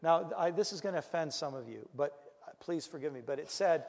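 A middle-aged man, a pastor, giving a lecture full of comic stories, animated and full of restarts. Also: fairly high pitch, fairly quick, gravelly. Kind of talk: humorous storytelling lecture. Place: lecture hall. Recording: reverberant hall.

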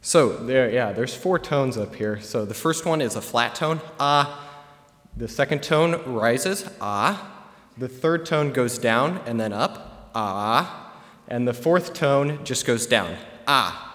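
A young man giving a relaxed, chatty presentation to a live audience, with plenty of filler words. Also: mid-range voice, measured pace. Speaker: student presenter. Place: large hall with an audience. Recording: long hall reverb.

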